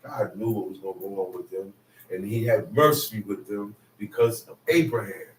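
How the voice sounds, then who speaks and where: A man preaching a sermon in a casual, conversational way, now and then rising to shouts for emphasis. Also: fairly low pitch, normal speed, slight background noise. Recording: roomy, mic at a distance.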